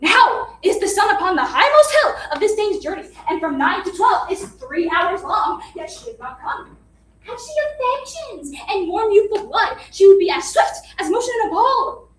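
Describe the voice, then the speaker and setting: A woman's voice: very high voice, big pitch swings, normal speed. A woman playing an impatient young girl in love. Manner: eager, pleading. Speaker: amateur stage actor. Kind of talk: unrehearsed stage reading. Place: theater stage. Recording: echoey hall, distant mic, faint noise.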